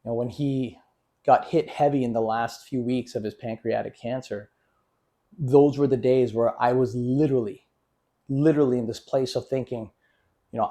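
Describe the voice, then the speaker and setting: A man who works as an emotional therapy consultant, telling a personal story to the camera from his office in an earnest, halting way that is full of restarts. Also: medium pitch, fairly even intonation, dark tone. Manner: earnest, halting, with frequent restarts and repeated words.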